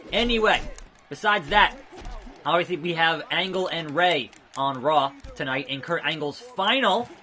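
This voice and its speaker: A man's voice: on the high side, bright, forceful tone. A man giving chatty, rambling let's play commentary, blurting out move names as he plays a wrestling game. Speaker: gaming video creator.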